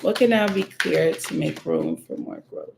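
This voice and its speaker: Creaky-voiced woman rambling through tarot. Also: low voice, wildly swooping pitch, normal speed, noisy background. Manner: rambling, filler-heavy, thinking aloud; repeats questions to the cards. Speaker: tarot reader. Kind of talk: casual tarot reading.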